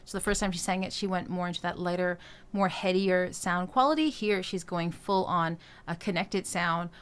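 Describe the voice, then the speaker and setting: A woman's voice: fairly low pitch, normal speed, clean tone. A middle-aged woman vocal coach teaching a singing lesson, explaining technique and singing short demonstrations. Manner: encouraging, demonstrates phrases by singing them.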